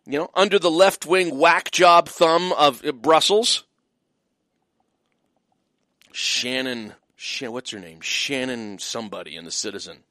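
A man's voice: mid-range voice, unhurried, pushed and bright, no room sound. A man hosting a talk radio show, delivering an emphatic, mocking opinion monologue full of fillers.

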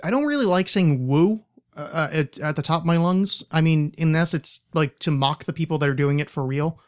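A man's voice: on the high side, fairly quick. A young man hosting a podcast, chatting casually in a rambling, sardonic way and swearing freely. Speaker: podcast host. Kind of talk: casual chat.

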